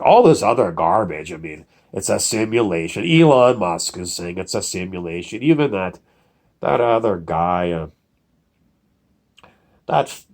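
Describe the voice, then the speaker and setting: A man, a producer, talking in a casual, digressive monologue full of fillers and lost threads. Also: fairly low pitch. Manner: digressive, loses his train of thought, many fillers.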